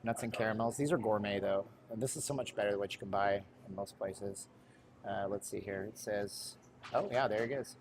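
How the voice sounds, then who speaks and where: A man's voice: on the low side, a little fast, noisy background. A middle-aged man giving chatty, rambling live commentary while walking indoors, with jokey asides. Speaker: livestream host.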